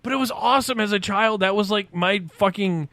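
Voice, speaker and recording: A man in his forties, a podcast host, telling a story in casual, profane chat, animated and loud at the big moments. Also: high-pitched, brisk, no echo, clean studio sound.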